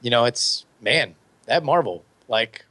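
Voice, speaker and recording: An upbeat man chatting casually as a co-host, with a medium-pitched voice that comes in quick bursts. The sound is dry and close. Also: animated, sharp tone, no echo. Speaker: podcast co-host. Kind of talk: casual chat.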